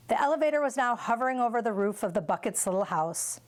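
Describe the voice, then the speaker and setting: A woman reading a children's novel aloud for a school, with clear, steady storytelling. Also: fairly high pitch, quick pace, hardly any pauses. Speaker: school read-aloud reader.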